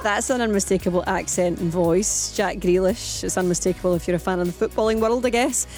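A woman's voice: medium pitch, brisk, darkish tone, soft background music. Chatty woman radio host. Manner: chatty, many questions to listeners. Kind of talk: live radio phone-in.

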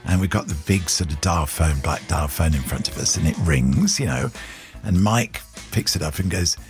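An older Englishman with a fairly low voice tells stories, his pitch swinging widely as he acts out other people's lines. He talks animatedly, often with a laugh, and faint music plays behind him. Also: moderate pace. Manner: animated anecdote-telling, doing voices and laughing. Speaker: guest. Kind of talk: radio interview storytelling.

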